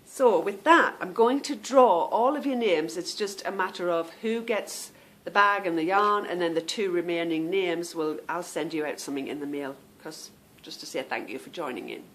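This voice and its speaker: Brief: lower-voiced woman podcast host, warm casual chat from home, friendly "girlies" patter. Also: moderate pace, hardly any pauses. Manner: chatty, calls listeners "girl" and "girlies".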